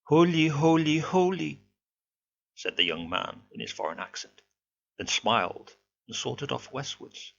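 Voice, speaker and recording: Gravelly man reading a ghost story. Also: low-pitched, expressive, normal speed, bright, forceful tone. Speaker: narrator. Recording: dull lo-fi home recording with faint hum.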